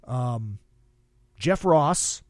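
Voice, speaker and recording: A man's voice: mid-range voice, animated, drawn-out words, darkish tone, dry recording, studio quality. A man from the upper Midwest hosting a podcast, telling long rambling stories full of swearing. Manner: profane, rambling storyteller. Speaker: podcast host. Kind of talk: casual podcast chat.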